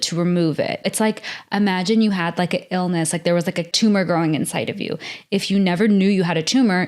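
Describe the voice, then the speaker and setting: A woman's voice: lowish voice, darkish tone. A young American woman hosting a solo podcast, talking in an earnest, chatty way with lots of filler words. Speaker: podcast host. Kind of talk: casual solo podcast talk.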